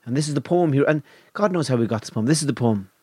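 An Irish man with a medium-pitched voice, telling an old legend in a hushed, measured way and leaving dramatic pauses. The sound is close and dry, with no room around it. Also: lively intonation, breathy edge, dry recording. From Ireland. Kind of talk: casual storytelling.

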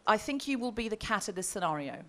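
A woman's voice: medium pitch, fast talker. A woman telling a comic story on a live comedy podcast, reading out messages with relish. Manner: animated, reads out messages with relish. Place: comedy festival stage before a live audience.

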